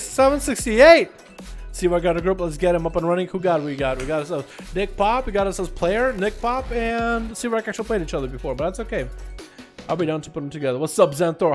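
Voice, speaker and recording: An American man hosting a live game stream, calling duels and chatting jokily with viewers. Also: on the high side. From United States. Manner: energetic, chatty, jokey with viewers. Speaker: streamer and duel host. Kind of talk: live game commentary and chat.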